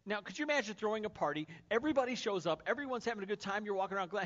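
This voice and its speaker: A man's voice: sits high, expressive, rapid-fire, few pauses, fairly bright tone. A male pastor preaching a sermon in a casual, conversational way, speaking to the congregation. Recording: dull lo-fi sermon recording.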